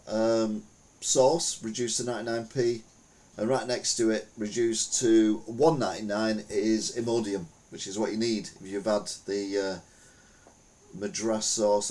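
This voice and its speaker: A man's voice: fairly low pitch, a little mellow. A man hosting a podcast, chatting casually through the news with rambling, wry, self-mocking jokes. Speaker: podcast host.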